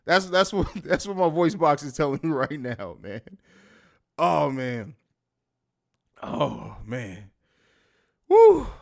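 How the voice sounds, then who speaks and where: A man's voice: on the high side, slow pace, vocal fry, pauses often. An American man hosting a casual post-game live stream, profane and slangy, who laughs a lot as he talks.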